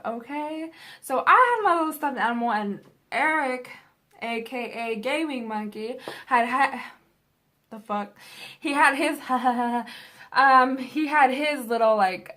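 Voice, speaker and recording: A woman's voice: high voice, a little slow, bright, forceful tone. A young adult woman vlogger telling a story in a casual, rambling, profane way.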